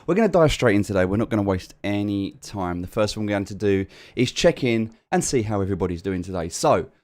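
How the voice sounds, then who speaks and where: British male streamer, lowish voice, chatty host greeting chat by name. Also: a little mellow. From United Kingdom. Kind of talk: casual live-stream chat.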